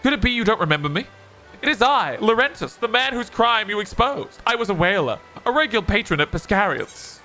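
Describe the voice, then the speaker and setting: A man's voice: sits high, sing-song, brisk, bright, forceful tone, soft background music, full character voice. A man with an Australian accent reading the lines of a remorseful former convict, a whaler, in earnest, old-fashioned formal speech.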